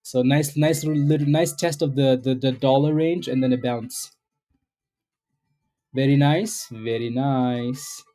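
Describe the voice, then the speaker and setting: A man's voice: medium pitch, steady tone, takes it slowly, mellow, faint music behind. A man hosting a live stock trading stream, chatting casually in a rambling way and often tagging "right?". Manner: rambling, keeps asking "right?", repeats himself. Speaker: stock trading livestream host. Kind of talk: casual live market commentary.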